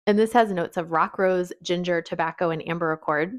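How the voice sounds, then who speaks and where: A woman with a slightly low voice talks casually through a long list of perfume notes. She is chatty and quick to laugh at her own pronunciation. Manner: chatty, rattles off lists, laughs at own French. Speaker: fragrance reviewer.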